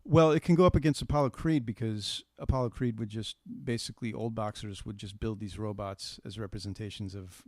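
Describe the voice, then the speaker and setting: A man co-hosting a casual movie review podcast, rambling with halting restarts and fillers. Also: fairly low pitch, darkish tone, dry recording, studio quality. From Chicago. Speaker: podcast co-host.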